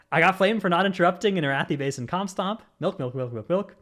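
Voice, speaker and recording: A man's voice: high-pitched, lively intonation, moderate pace, fairly bright tone. A man hosting a casual gaming podcast, reading lists of supporter names with running jokes. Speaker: podcast host.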